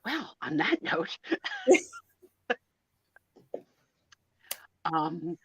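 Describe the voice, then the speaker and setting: A woman from New Jersey co-hosting a live online sale, telling stories in a chatty, animated way. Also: fairly low pitch, drawn-out words, husky, dry recording, rough recording. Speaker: co-host of live sale stream. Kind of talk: casual storytelling chat.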